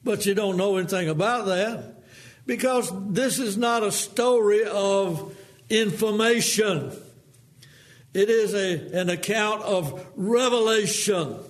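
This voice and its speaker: A man preaching a sermon in a folksy manner, acting out quotes in a lower voice. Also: slow.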